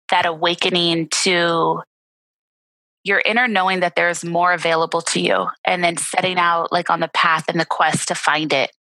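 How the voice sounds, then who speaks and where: A woman's voice: fairly low pitch, sharp tone, no echo, poor audio. A woman guest talking in an earnest, encouraging and thoughtful way in a conversation recorded over a remote call mic. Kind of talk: reflective conversational talk.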